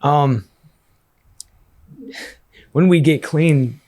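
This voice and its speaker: A man's voice: on the high side, extremely slow, darkish tone. A man in casual podcast talk about recovery, speaking in a plain, direct way. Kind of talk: casual chat.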